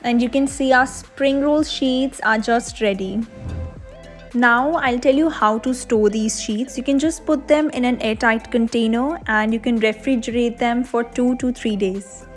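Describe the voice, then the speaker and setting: A woman's voice: a little high, unhurried, soft background music. A young woman, host of a cooking channel, explaining a recipe step by step in a voice-over.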